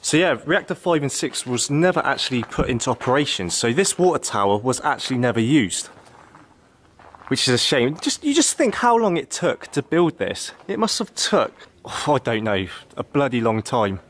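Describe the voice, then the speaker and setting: A man talks straight to his camera while exploring outdoors, chatty and quick to joke. His voice swings widely up and down as he gets excited, in a loose, casual vlog style. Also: mid-range voice, slight background noise. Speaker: vlogger exploring abandoned places. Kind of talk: casual travel vlog narration. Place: outdoors in an abandoned zone.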